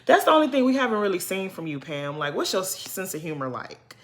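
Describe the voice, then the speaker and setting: A young woman giving a casual, animated reaction commentary, talking straight to the people she discusses in an exasperated, playful way. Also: lowish voice, quick pace. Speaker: reality TV commentator.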